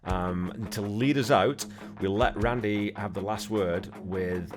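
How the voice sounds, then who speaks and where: A man with a fairly low voice hosts a music podcast. He speaks in a relaxed, conversational way and grows lively when he retells a story. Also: unhurried. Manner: chatty, animated when retelling anecdotes. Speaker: podcast host. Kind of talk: casual podcast chat and outro.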